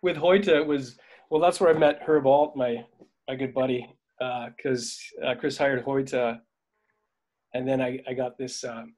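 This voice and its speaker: Man, middle-aged, casual interview guest, rambling storyteller, fillers and laughs, mid-pitched voice. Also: steady tone, unhurried, a little mellow. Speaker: veteran dolly grip, guest.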